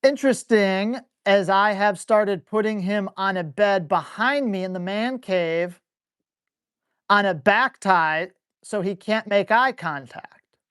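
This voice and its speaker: This dog trainer, a man with a high-sitting voice and clean tone, fields viewer questions on a live stream. He's blunt, excitable and salty, often breaking into brief acted asides.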